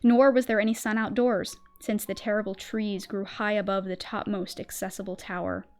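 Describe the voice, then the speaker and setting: A woman streamer doing a whispered role-play reading of a spooky story in a soft, slow ASMR-style voice. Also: mid-range voice, flat delivery, faint music behind.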